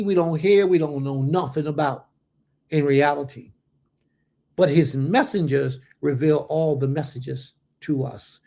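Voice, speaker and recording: A man teaches the Bible over a casual livestream, speaking informally and slangily right to the people watching. His voice leans high, carries vocal fry and has a warm quality.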